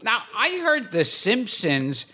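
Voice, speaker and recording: Man, podcast host, slow drawn-out questions, wildly swooping pitch, bright voice. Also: wildly swooping pitch. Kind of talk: interview questions.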